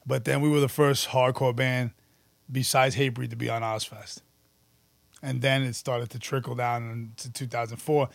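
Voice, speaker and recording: A man, telling stories about his past in an animated, profane, casual interview. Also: mid-range voice, normal speed, gravelly, no room sound. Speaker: podcast guest, musician and actor.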